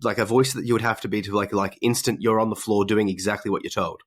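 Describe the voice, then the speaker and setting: A man's voice: on the low side, steady tone, quick pace. A man hosting a podcast, chatting casually, laughing often and restarting his sentences. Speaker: podcast host. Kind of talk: casual conversational interview.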